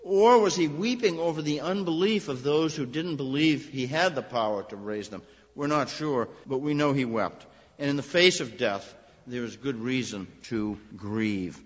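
A man preaches a sermon in a husky voice of middle pitch, moving from relaxed storytelling to emphatic, rising points. The sound is dull and lo-fi and rings with a long reverb, like a church sanctuary. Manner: conversational storytelling with emphatic rises. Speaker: minister.

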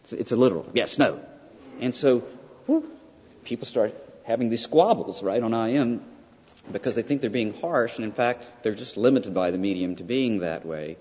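A man lecturing as a college professor, emphatic and often checking in with his listeners with a quick "right?". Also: fairly low pitch, lively intonation, warm tone, breathy edge. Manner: emphatic, peppered with "right?" asides. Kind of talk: classroom lecture. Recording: dull lo-fi sound with long hall reverb.

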